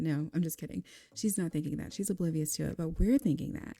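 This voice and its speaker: A woman's voice: fairly low pitch, fast, dark tone, no room sound. A woman giving casual, chatty commentary on a life-simulation game, giggling and talking straight to her viewers. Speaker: gaming creator.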